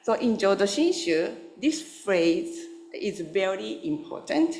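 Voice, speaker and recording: A woman Buddhist minister giving a gentle, unhurried dharma talk, telling a story with pauses and small fillers. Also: medium pitch, sing-song. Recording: roomy hall sound.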